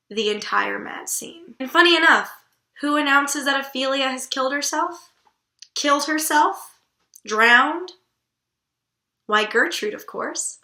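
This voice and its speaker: A woman vlogger talks about literature in a casual, blunt way, with an irreverent edge and offhand swearing. Her voice is bright and a little high. The recording has a noticeable roomy echo. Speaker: book vlogger host.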